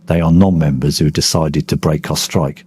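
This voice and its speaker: A man's voice: extremely low pitch, steady tone, moderate pace, darkish tone, husky. A man, a former miner giving a blunt oral history interview, swearing freely as he tells his stories. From Kent, England.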